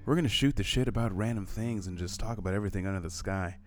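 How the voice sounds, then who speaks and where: A laid-back male radio host with a smooth, slow, mellow delivery, as a man puts on the voice. The voice sits fairly low. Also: a little hiss or hum, lightly acted.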